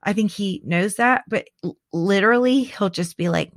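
A middle-aged woman talking in a casual chat as co-host, animated and chatty, laughing often and restarting her sentences. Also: medium pitch, moderate pace, dry recording, studio quality. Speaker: podcast co-host.

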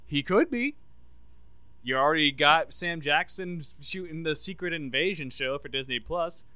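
A man in casual podcast chat, rambling enthusiastically as he pitches his own fixes for stories. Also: expressive, moderate pace, bright, forceful tone, a little hiss or hum. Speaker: podcast co-host.

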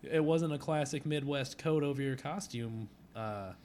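Male co-host, rambling and profane, mid pitch, faint noise behind. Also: moderate pace, darkish tone. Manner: rambling, profane, lots of fillers. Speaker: podcast co-host, father. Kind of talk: casual chat.

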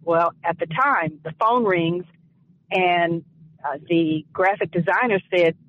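A woman on a radio talk show giving impassioned commentary and telling a personal story, speaking emphatically and deliberately, with repeated phrases. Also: on the low side. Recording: dull lo-fi radio audio.

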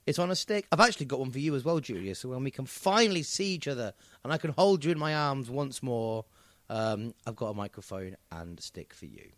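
A man's voice: mid-range voice, animated, fairly quick, fairly bright tone, no echo. A man co-hosting a podcast in casual chat, joking and mock-boastful, on a microphone on a stand. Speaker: podcast co-host. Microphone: microphone on a stand with a recorder.

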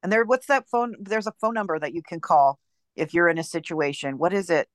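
A woman's voice: on the low side, fairly quick, no room sound, studio quality. A woman guesting on a podcast in casual, chatty talk.

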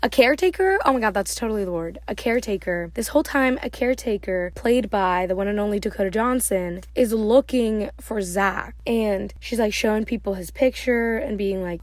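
Chatty vlogger, a woman recapping a film loosely with giggles, mid-pitched, dry close mic. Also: normal speed, few pauses, no room sound. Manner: rambling, giggly, heavy use of "like". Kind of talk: casual movie recap.

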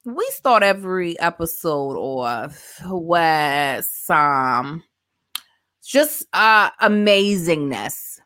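A woman hosting a casual podcast, talking in an animated, slangy, hyping way. Her voice is bright and crisp, and her pitch swings widely as she jokes with her guest. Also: very slow, dry recording, studio quality. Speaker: podcast host.

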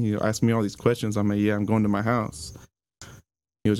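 A young man telling a personal story on a podcast in a halting, casual way, with lots of fillers and some swearing. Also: lowish voice, level tone, gravelly, mellow, no room sound. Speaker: podcast guest.

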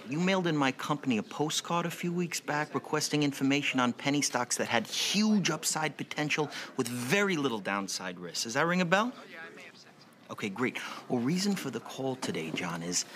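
An actor plays a slick stockbroker with a smooth, persuasive phone manner. His delivery is polished and confident, and his voice sits at an ordinary male pitch. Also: lively intonation, normal speed, a bit bright, close to an everyday voice. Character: slick smooth-talking stockbroker, grown man. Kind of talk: film drama acting.

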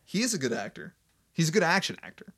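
A man's voice: a little high, sing-song, quick pace, fairly bright tone, breathy edge. A man co-hosting a podcast in casual chat, rambling and jokey with frequent laughs. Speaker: podcast co-host.

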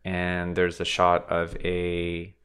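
A man hosting a podcast, recapping a film in relaxed, wry casual chat with lots of fillers. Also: low-pitched, slow, smooth. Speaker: podcast host.

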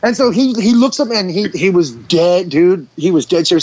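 A man in his forties with a high-pitched voice tells a story in a casual, animated way, saying "dude" and "like" all the time. The audio is muffled and lo-fi. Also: a little fast, hardly any pauses. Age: 40s. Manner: animated, heavy use of "dude" and "like". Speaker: guest.

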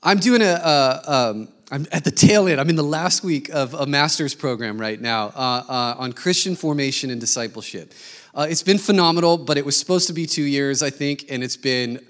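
A man preaching a sermon, telling a lively story and acting out the people in it. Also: on the high side, moderate pace. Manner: animated storytelling, acting out quoted voices. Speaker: pastor.

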